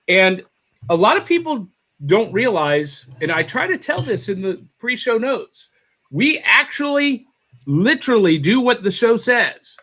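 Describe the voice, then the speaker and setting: A man hosts a casual morning podcast over a video call. His voice is high for a man, and he sounds upbeat and excitable. He often says the same phrase twice as he talks. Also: a little slow. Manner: upbeat and excitable, repeats himself. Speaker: podcast host. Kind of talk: casual chat.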